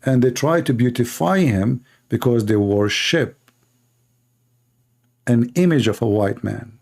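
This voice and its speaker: A man's voice: medium pitch, animated, unhurried, gravelly, a little mellow. A middle-aged man hosting a live debate stream, talking in a sarcastic, taunting way. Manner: sarcastic, taunting, breaks into parody singing. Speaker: live stream host debating Muslim callers. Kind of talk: casual mocking debate talk.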